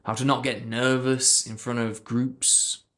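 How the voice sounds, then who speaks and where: A man's voice: mid-range voice, little pitch movement, unhurried, fairly bright tone. Chatty man on a livestream. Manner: chatty, loose, fillers, answers viewer comments. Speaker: speech and voice coach. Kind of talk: casual livestream chat with viewers.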